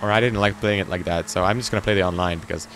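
A man's voice: sits low, steady tone, rapid-fire, a bit bright, a little hiss or hum. A man hosting a gaming channel, rambling and joking to himself as he plays. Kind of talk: let's play commentary.

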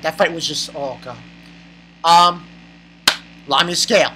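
A manga reviewer giving a casual, excited chapter recap, rambling and exclaiming with laughs. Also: mid-range voice, moderate pace, long pauses, breathy edge, poor audio.

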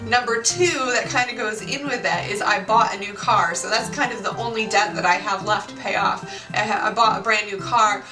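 A woman's voice: medium pitch, normal speed, reverberant. Chatty bubbly girl late 20s vlogging, kinda far from the mic, music going behind. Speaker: YouTuber. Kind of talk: casual chat to camera.

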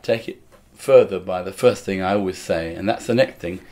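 A man's voice: low-pitched, moderate pace, a little mellow. An older man from England, a musical comedian, telling wry stories in a casual interview and acting out other people's voices.

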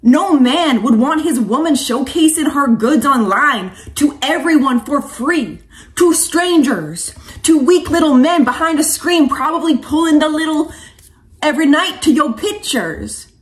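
A woman's voice: sits high, lively intonation, a little slow. A woman coach and vlogger giving an impassioned, preachy monologue to camera, casual and slangy, calling viewers sweetheart and honey.

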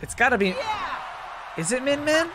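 A man hosting a reaction video to game trailers, talking in an excitable, animated way with quick exclamations. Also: very high voice. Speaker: host. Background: faint trailer music.

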